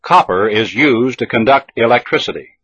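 A man reading a scripted language drill slowly, with careful, deliberate enunciation. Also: mid-range voice, animated, fairly bright tone, slightly rough, no echo. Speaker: language teacher. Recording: dull lo-fi old tape recording.

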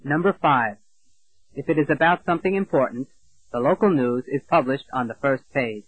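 Slow, clear man leading language drills. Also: mid-range voice, no room sound. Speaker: English teacher. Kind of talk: scripted language lesson narration. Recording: dull dry lo-fi audio.

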